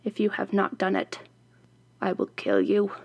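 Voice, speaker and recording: A woman voicing a furious, vengeful old witch in a storybook reading, slow with low menacing threats. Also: big pitch swings, gravelly, highs cut off, full character voice. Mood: threatening.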